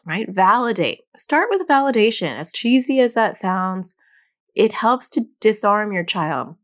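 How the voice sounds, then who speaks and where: A middle-aged woman with a mid-range voice hosts a podcast as a child anxiety therapist. She offers parents casual advice in an animated, conversational way, laughing at herself along the way.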